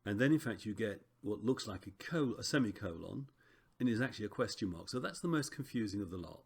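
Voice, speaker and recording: Low gravelly man teaching. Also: quick pace. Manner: relaxed, chatty, frequent ums and self-corrections. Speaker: Greek teacher. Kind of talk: recorded lesson walkthrough.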